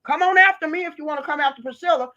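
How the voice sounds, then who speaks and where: Fiery high-voiced American woman ranting. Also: rapid-fire, sharp tone, lo-fi sound. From United States. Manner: fiery, preachy, emphatic. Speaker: vlogger. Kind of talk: impassioned political rant.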